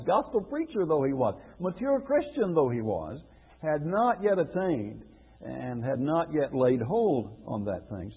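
Gravelly preacher on a tinny radio broadcast. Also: male voice, on the high side. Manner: earnest, questioning, repeats phrases for stress. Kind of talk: radio sermon lesson. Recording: phone-like radio broadcast with long reverb.

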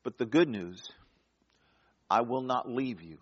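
A man preaching a sermon in a mid-range voice, with a dramatic delivery that rises to loud emphasis and drops to near-hushed tones. The recording sounds a little dull and muffled. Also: mid-range voice, unhurried, breathy edge.

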